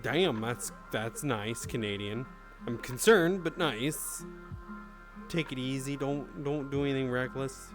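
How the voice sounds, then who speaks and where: A man's voice: mid-range voice, measured pace, music in the background. A man in his thirties chatting casually on a live stream, swearing freely and answering chat.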